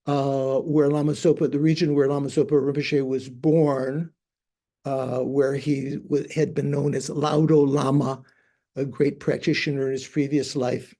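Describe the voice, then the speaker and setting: Older male monk teacher, unhurried anecdotes, warm low-brightness tone, often gropes for words. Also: little pitch movement. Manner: hesitant, searching for words with many fillers.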